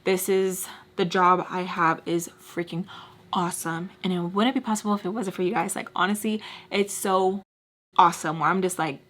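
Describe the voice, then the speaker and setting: A woman with a bright, forceful voice tells a story to her viewers. She rants in a chatty, animated way, drops "like" all through her sentences, and switches into the voices of the people she quotes. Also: on the low side, normal speed. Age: adult with a son and husband. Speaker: beauty vlogger. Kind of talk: casual storytime rant.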